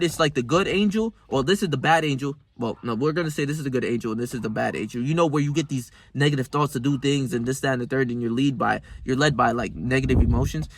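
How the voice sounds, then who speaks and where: A man's voice: a little high, fairly bright tone, slight background noise. A young man talking straight to camera in a casual motivational monologue, rambling and emphatic, swearing often and calling the viewer bro. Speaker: self-improvement vlogger.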